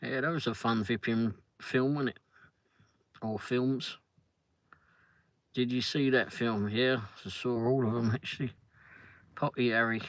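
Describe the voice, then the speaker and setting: A man's voice: medium pitch, steady tone, a little slow, long pauses, no echo. Rambling older man chatting. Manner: rambling, chatty, with frequent laughs and sighs. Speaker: livestream host. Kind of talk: casual chat reading viewer comments.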